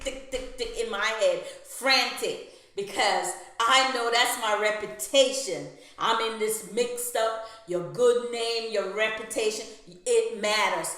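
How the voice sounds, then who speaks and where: A woman who is a nurse, telling a personal story with animated, emphatic delivery. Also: medium pitch. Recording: very echoey room.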